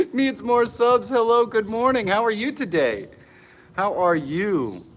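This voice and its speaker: An excitable middle-aged man hosts a live stream from an outdoor pavilion, greeting viewers by name and laughing often. He is a bit nervous, stressed even, and speaks at a measured pace in a voice that sits high.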